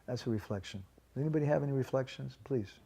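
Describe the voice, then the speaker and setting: A man's voice: mid-range voice, fast talker, creaky, background noise. A man giving a devotional lecture at a home program, telling a story and asking the audience questions.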